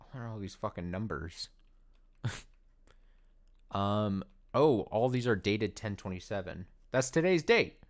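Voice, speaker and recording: A male game streamer chatting casually as he plays, swearing freely and laughing often. His voice sits low but swings widely, leaping high when he is surprised. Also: expressive, measured pace, long pauses. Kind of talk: casual let's play commentary.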